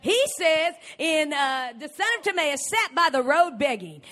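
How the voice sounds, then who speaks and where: High bright-voiced woman preaching. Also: animated, a little slow. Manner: emphatic, building to shouts. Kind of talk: sermon.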